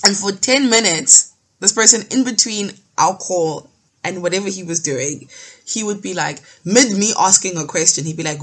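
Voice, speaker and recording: A young woman from South Africa co-hosting a casual podcast, telling lively stories with restarts and acted-out quotes. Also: medium pitch, moderate pace. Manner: storytelling, animated retelling with restarts. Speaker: podcast co-host. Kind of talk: casual chat.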